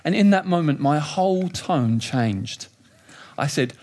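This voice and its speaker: A middle-aged man preaching a sermon, emphatic and animated, moving between quiet reflection and raised urgency. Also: high-pitched, normal speed, slight background noise.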